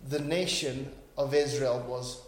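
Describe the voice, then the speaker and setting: A man in his forties preaching a sermon, swinging between hushed, quiet stretches and loud, emphatic bursts. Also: medium pitch, steady tone, measured pace, reverberant. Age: 40s. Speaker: pastor.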